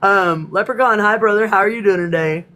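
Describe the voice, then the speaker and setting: A woman's voice: medium pitch, a little fast, a bit bright. A woman from East Texas, hosting a live spiritual class in casual chat, emotional and laughing often, near tears.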